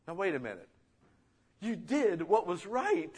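Conversational pastor preaching a sermon. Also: male voice, high-pitched, very animated, normal speed, a bit bright, slightly rough.

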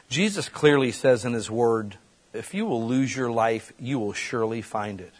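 A man preaching a sermon in a conversational way, breaking into quick acted-out voices. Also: medium pitch. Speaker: pastor.

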